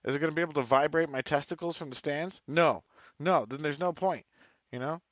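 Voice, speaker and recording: A man's voice: a little high, fairly quick, a bit bright, dry recording. A man with a mid-range voice trades short, sarcastic and foul-mouthed jabs on a podcast. His audio is dry and dull, like a lo-fi recording with no room sound. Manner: blunt, sarcastic, profane quips. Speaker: podcast co-host. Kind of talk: casual podcast chat.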